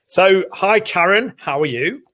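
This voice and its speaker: A British man with a somewhat high voice co-hosts a live online training session from his home. He talks in a casual, chatty, upbeat way, reading out names of people joining. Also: animated, a little slow, fairly bright tone. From United Kingdom. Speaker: co-host of a live training webinar. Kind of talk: casual live-stream chat. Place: home room with doors open.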